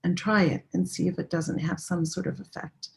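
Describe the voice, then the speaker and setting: A woman teaching a spiritual practice, guiding listeners through a chant in a calm, unhurried, gently encouraging way. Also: on the low side, creaky, low-quality recording. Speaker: Sufi teacher leading a practice. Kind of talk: guided meditative chant instruction.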